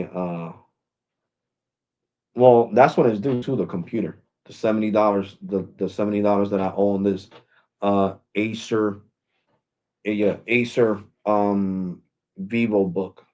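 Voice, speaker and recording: A man with a fairly low voice rants to his viewers as a tech YouTuber. He talks emphatically, circles back and repeats himself, and the recording sounds dull and lo-fi. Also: steady tone, measured pace, a little mellow. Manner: emphatic, repetitive, rambling. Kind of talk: casual ranting vlog.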